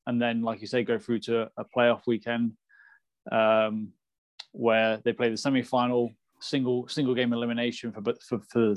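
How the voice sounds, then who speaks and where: Flat-voiced podcast co-host. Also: male voice, mid-range voice, dry recording. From England. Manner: explanatory, repeats words when starting phrases. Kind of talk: casual podcast chat.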